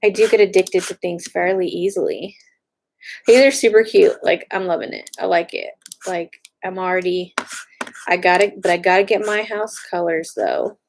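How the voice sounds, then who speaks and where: An excitable woman chatting casually, gushing while she browses online. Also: on the low side, moderate pace, slight background noise. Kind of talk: casual chat.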